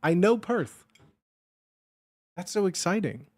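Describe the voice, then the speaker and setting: This is a young man chatting on his livestream in a relaxed, rambling way. He keeps getting excited and swears freely. His voice sits fairly high, and the sound is dry and close to the mic. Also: slow pace, dry recording. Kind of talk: casual stream chat.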